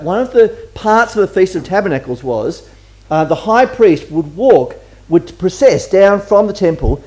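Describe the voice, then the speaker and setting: A pastor with a high, warm voice preaches a conversational sermon at a church service. He keeps it chatty and asks the congregation questions as he goes.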